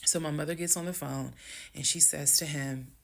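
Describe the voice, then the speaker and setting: Gravelly-voiced woman telling a story. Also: sits low, moderate pace. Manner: animated, emphatic, talks straight to viewers. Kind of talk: casual storytime monologue.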